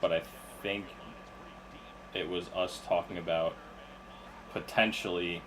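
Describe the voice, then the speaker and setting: Male co-host, very deep voice, easygoing and offhand. Noisy track. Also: measured pace. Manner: relaxed, offhand, checks facts. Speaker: podcast co-host. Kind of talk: casual mock draft chat.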